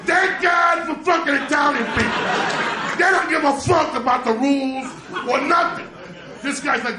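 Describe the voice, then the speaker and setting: A man doing stand-up storytelling from New Jersey, profane and animated, with loud bursts of shouting. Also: very high voice, moderate pace, echoey room. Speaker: stand-up comedian. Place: comedy club stage with a laughing audience. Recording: live stage recording with crowd.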